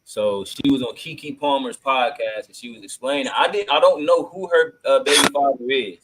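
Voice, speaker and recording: A man's voice: medium pitch, normal speed, fairly bright tone, slight background noise, low-quality recording. A man hosting a podcast in casual chat, laid-back and slangy with many filler ums, reacting to clips. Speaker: podcast host.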